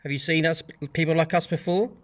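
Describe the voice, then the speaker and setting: A man working as a paranormal investigator, calling out to spirits in an abandoned building with slow, calm questions and pauses. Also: on the high side, no echo.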